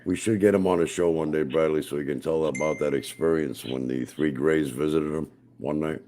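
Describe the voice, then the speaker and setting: A man's voice: very deep voice, steady tone, a little fast, warm tone, a little hiss or hum. A man co-hosting a live talk show, chiming in with brief affirmations. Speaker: co-host.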